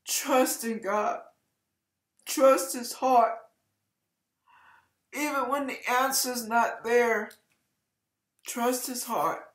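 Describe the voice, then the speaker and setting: A hoarse woman giving an encouraging devotional message as an online ministry preacher, with emphatic, repeated exhortations. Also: on the high side, fairly even intonation, very slow, long pauses. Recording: echoey room.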